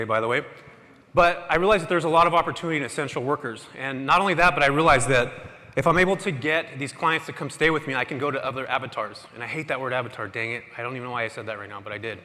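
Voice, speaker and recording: A man giving an energetic, casual motivational talk to a live audience in a large hall, often quizzing the crowd. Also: mid-range voice, very fast. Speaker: conference speaker. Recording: echoey hall with long reverb.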